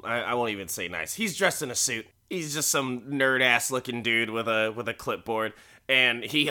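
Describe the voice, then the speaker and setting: A man's voice: medium pitch, bright, forceful tone. A man casually recapping a show, rambling and swearing, laughing often and acting out characters' lines. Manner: rambling, profane, laughing, acts out quotes.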